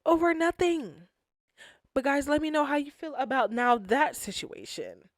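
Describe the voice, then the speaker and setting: A woman hosting a casual reality TV recap, talking in an animated, slangy way and acting out what people said. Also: sits high, moderate pace, no echo, studio quality. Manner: animated, slangy, acts out quotes.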